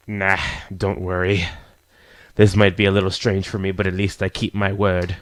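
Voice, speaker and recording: A man hosting a game channel, reading through a visual novel in a casual, jokey way, with a hoarse voice. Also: sits low, little pitch movement, normal speed, dry recording. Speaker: gaming channel host. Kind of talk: visual novel let's play narration.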